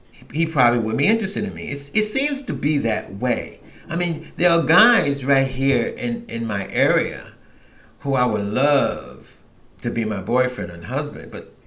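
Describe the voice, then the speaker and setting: A middle-aged man tells a candid personal story on his own show, rambling and restarting as he goes. His voice is bright and forward, and his pitch swings widely. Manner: frank, rambling, with many restarts and quoted asides. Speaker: podcast host.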